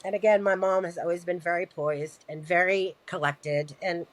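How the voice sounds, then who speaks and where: A woman recounting a personal family story in a podcast interview, halting and repeating words as she talks, earnest and emotional. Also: lowish voice, fairly even intonation, poor audio. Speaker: podcast guest.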